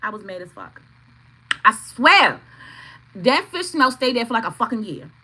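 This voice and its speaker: Middle-aged woman, crisp and bright tone, swears freely, casual live-stream storyteller. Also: a little high, very animated, moderate pace, low-quality recording. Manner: profane, blunt, laughing storyteller; greets chat viewers by name. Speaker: tarot reader streaming live.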